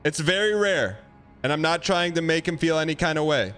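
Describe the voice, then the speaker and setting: A male game streamer talks casually in a rambling, joking way and reacts to his chat. His voice sits a bit high for a man, with faint game music playing behind him. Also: expressive, a little fast, a bit bright, clean tone. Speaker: gaming livestream host.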